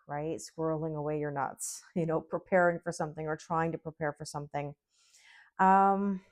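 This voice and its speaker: A middle-aged woman reads tarot in a voice that sits low with a darkish tone. Casual and chatty, she reassures the listener and often checks in by asking "okay?" and "right?"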